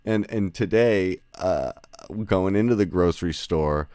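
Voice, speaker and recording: A man's voice: deep voice, a little slow, mellow, smooth, dry recording, clean studio sound. A man hosting a podcast, chatting casually with remote guests over an audio call, rambling and correcting himself as he goes. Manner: rambling, self-correcting, laughs often. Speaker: podcast host.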